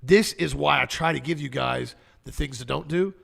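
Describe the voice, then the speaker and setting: Young guy co-hosting a health show, super creaky fry voice, a bit high, easygoing. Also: normal speed, a bit bright. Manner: agreeable, reads health tips aloud. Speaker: co-host. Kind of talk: casual health talk.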